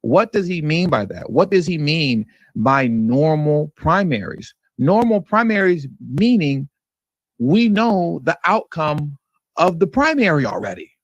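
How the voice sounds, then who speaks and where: A man's voice: on the high side, big pitch swings, unhurried, no echo. A man from California hosting a livestream, giving casual political commentary with sarcastic, mocking repetition. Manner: sarcastic and mocking, repeats phrases for effect, chuckles. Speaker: livestream news commentary host. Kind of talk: casual political commentary to a live stream audience.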